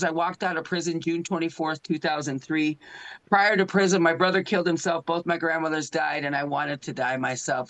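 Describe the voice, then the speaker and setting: A woman's voice: on the low side, a bit bright, poor audio. Middle-aged woman, passionate advocate speaker, emotional and direct, talking over a phone. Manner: earnest, emotional, keeps asking the audience "right?". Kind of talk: impassioned public talk.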